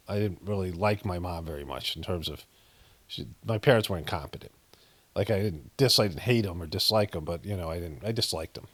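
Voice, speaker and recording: A man's voice: sits low, no room sound. A middle-aged man casually telling a personal story, rambling with many fillers and restarts, frank and sometimes profane. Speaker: meditation practitioner telling a story.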